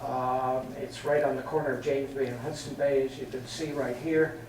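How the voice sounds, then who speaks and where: A man's voice: medium pitch, flat delivery, moderate pace, darkish tone, a little hiss or hum. An older man from England telling chatty flying anecdotes to a meeting, chuckling at his own stories. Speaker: guest speaker. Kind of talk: storytelling talk. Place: meeting hall. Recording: very echoey hall from far off.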